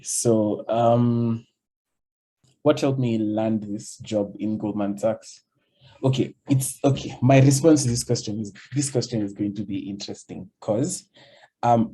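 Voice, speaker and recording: Man, young adult, panelist, candid, very dark tone, husky. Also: medium pitch. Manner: candid, hesitant starts. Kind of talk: casual panel talk.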